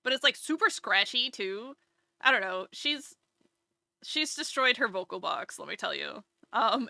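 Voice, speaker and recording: Woman streamer, casual live chat, bright crisp tone, close dry sound, rambling delivery. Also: on the high side, animated, measured pace, no room sound. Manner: rambling, chatty, with many fillers and restarts.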